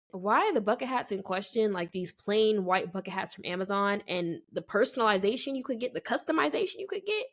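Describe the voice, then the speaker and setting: A woman in her twenties tells a story on a casual chat podcast. Her pitch swings widely as she acts out the people she quotes, and her voice sits a little high. She laughs often along the way. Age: 20s. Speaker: podcast co-host.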